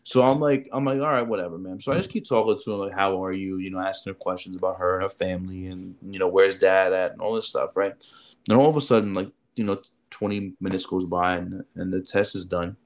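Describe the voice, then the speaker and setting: A man, a military recruiter, telling a story in casual chat, animated and slangy, with loud swings in delivery. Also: low voice, fast.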